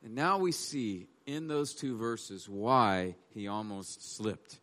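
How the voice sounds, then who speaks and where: A man's voice: on the low side, slow, a bit bright. A man preaching a sermon, reading verses aloud and voicing the psalmist's complaints with rising emphasis. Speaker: pastor.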